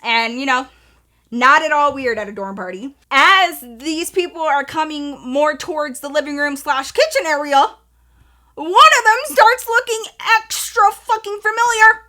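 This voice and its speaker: Bright, animated woman telling a story. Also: high-pitched, unhurried. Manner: animated, profane, addresses viewers as y'all. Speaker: storytime vlogger. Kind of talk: casual storytelling.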